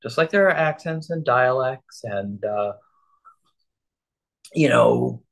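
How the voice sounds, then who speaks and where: A man's voice: mid-range voice, animated, slow pace, vocal fry, fairly bright tone. A man leading a casual Torah study, chatty and loose, who keeps checking in with his listeners.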